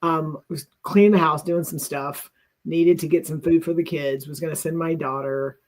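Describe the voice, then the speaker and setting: A woman's voice: low voice, steady tone, moderate pace, a little mellow. Earnest middle-aged woman sharing personally. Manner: earnest and reflective, restarts often. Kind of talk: candid personal storytelling.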